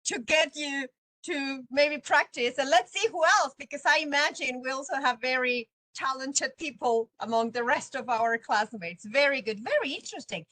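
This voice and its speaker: A woman's voice: sits high, normal speed, bright, forceful tone, dry recording, low-quality recording. A woman teacher, chatting and telling stories on a video call, laughing often. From Mexico. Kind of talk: online class, casual lecturing.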